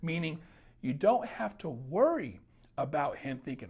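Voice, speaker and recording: A man's voice: a little high, very animated, measured pace, darkish tone, husky. A man talking straight to camera as a dating coach, giving blunt, emphatic advice and swearing freely. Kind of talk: casual advice monologue.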